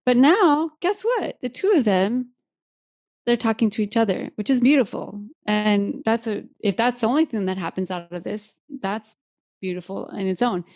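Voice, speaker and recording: A woman's voice: medium pitch, moderate pace, a little mellow, no room sound, studio quality. Candid, heartfelt woman podcast host. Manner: candid, heartfelt, laughs easily. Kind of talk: emotional personal storytelling.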